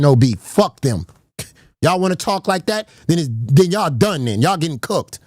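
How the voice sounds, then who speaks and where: A man's voice: on the high side, no echo, clean studio sound. A man streaming a heated, profane rant, confrontational and repeating himself as he calls out rivals. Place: garage.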